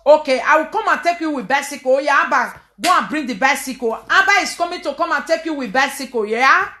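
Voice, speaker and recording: A woman's voice: sits high, lively intonation, fast, sharp tone, echoey room. A woman filming a casual home vlog, coaxing a crying child and laughing often. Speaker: vlogger filming her family.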